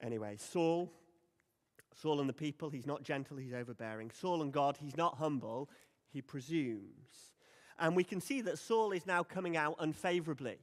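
A man's voice: on the high side, moderate pace. A man preaching a sermon in a conversational, emphatic way. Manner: conversational, emphatic, acts out quoted lines. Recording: long hall reverb.

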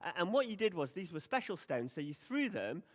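A man's voice: high voice, big pitch swings, fairly quick. A man preaching a sermon in a conversational, emphatic way. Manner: conversational, emphatic, acts out quoted lines. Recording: long hall reverb.

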